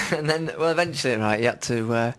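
A man's voice: mid-range voice, a little fast, a bit bright. A man co-hosting a radio show, telling a news story in a rambling, giggly way and acting out quotes in silly voices. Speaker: radio co-host. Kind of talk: casual comedic news chat.

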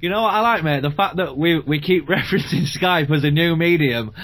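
A man's voice: a little high, brisk, fairly bright tone. A young man from southern England co-hosting a podcast, chatting casually and laughing a lot over a video call. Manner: laughs often, jokey. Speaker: podcast co-host.

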